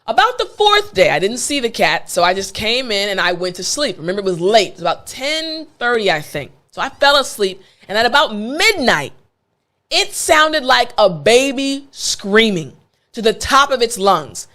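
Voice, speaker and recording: A woman's voice: a little high, sing-song, normal speed, fairly bright tone. A woman with an American accent, an English teacher telling a story in a playful, conversational way. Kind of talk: storytelling lesson.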